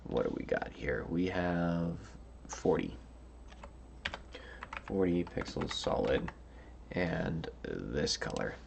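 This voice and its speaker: A man's voice: low voice, big pitch swings, slow, creaky, long pauses, background noise. A tired man thinking aloud as he works through a coding puzzle, hesitant and musing, with many fillers and restarts. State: tired, yawning. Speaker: coding tutorial host.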